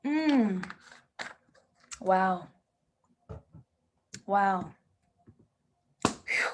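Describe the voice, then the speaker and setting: Speaking at a normal speed in a fairly high voice, with a little hiss or hum on the recording, a woman hosts a live TV review show and reads comments from viewers. She gets passionate and emotional, breaking into laughter without warning.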